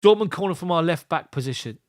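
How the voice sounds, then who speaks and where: Male fan commentator, fairly high voice, quick clipped match calls with chatty asides, dry recording. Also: lively intonation, dry recording. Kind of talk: live ball-by-ball match commentary.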